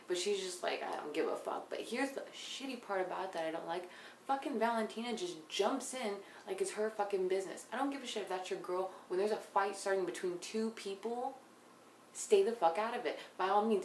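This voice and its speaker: A young woman recapping a reality show in a blunt, casual way, swearing often and sometimes dropping into hushed asides. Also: medium pitch. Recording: echoey room, faint background noise.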